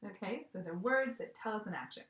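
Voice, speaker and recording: A young woman gives a video lesson to young children from home. She is cheerful and animated, acting out each word as she says it. Her voice carries an echo from the room around her. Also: medium pitch, brisk. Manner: cheerful, animated, acts out words. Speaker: teacher.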